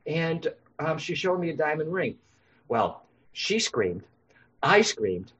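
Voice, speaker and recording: A man, a psychic medium guest on a podcast interview, telling lively stories and explaining his work. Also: a little high, slow pace, slightly rough. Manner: animated, acts out voices in anecdotes. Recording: dull lo-fi sound.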